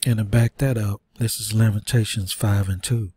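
A man's voice: on the low side, fairly even intonation, moderate pace, few pauses, dark tone, breathy edge, no room sound. A man teaching a sermon, reading scripture aloud and breaking in with earnest rhetorical questions. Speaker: preacher.

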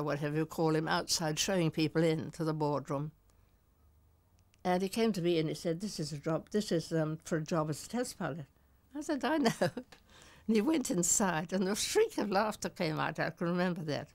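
A woman's voice: on the low side, rough recording. An older woman, a former wartime pilot, recalling stories in a documentary interview, acting out other voices and laughing as she goes. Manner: lively storyteller, acts out voices, laughs often.

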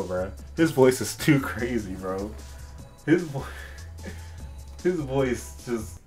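A man giving casual, excitable, slang-filled reaction commentary to a music video, often laughing. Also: medium pitch, slightly rough. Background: music track playing.

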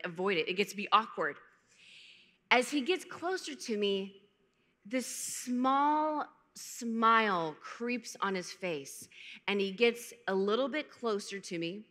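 A woman in her thirties shares a personal testimony from a conference stage, candid and emotional, with flashes of self-deprecating humor. Her voice is bright and forward at a middle pitch. A long hall reverb trails behind her words. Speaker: conference speaker.

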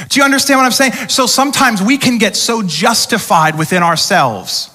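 Male pastor mid-sermon, conversational preacher who acts out quoted voices, bright forceful tone, slightly high. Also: expressive, moderate pace. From United States. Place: large church auditorium. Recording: church hall reverb.

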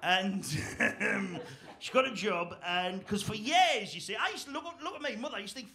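Male comedian, middle-aged, sharp bright tone, rambling sweary anecdotes. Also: high voice, normal speed, slight background noise. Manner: rambling, sweary, laughing at his own lines. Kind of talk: comic storytelling.

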